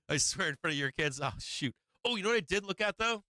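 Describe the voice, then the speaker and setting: A man's voice: high voice, animated, a little fast, sharp tone, no echo. A man from Boston hosting a live market stream, rambling in casual chat and laughing often at himself. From Boston, USA. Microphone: streaming microphone on an arm.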